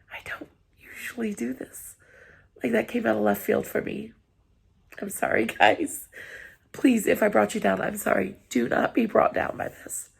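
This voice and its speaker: A woman's voice: mid-range voice, gravelly, husky. A woman vlogger, tearful after crying, talking earnestly and apologetically to her viewers, encouraging them. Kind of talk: heartfelt personal vlog talk.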